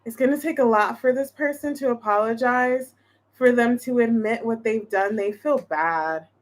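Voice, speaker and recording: A woman's voice: fairly high pitch, normal speed. Chatty woman doing a tarot reading. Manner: chatty, thinks aloud, many restarts and fillers. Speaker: tarot reader. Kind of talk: casual tarot reading to viewers.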